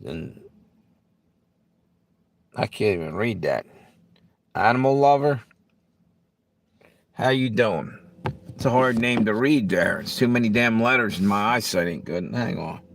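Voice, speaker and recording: A man's voice: fairly low pitch, animated, a little slow, pauses often. A middle-aged man live-streaming, chatting casually with viewers in a blunt, profane, rambling way. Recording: faint background noise.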